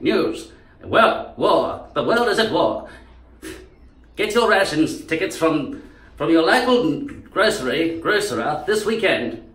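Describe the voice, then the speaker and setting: A man's voice: fairly high pitch, sing-song, slow, fairly bright tone, pitched above the performer's own voice, full character voice. A man putting on an old-time newsreel announcer, declaiming wartime news in a clipped, formal style. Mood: announcing. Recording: roomy sound from a distance.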